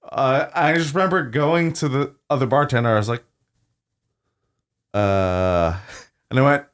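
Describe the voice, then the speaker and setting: A man's voice: a little high, fast. A young man co-hosting a podcast, telling a work story in casual chat and acting out the people in it. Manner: animated storytelling, acts out customers in a raised voice. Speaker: podcast co-host.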